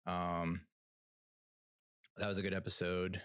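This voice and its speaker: A man's voice: low voice, flat delivery, takes it slowly, pushed and bright, smooth, no echo, studio quality. A young man hosting a casual solo podcast, rambling through opinions with restarts, fillers, casual swearing and laughs at his own jokes. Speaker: podcast host.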